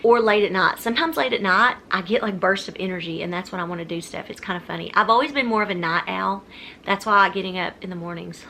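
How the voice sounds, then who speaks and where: Bright-voiced woman vlogging at home. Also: medium pitch, quick pace, vocal fry, slight background noise. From Texas. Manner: chatty and rambling, often restarting sentences. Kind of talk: casual Q&A vlog.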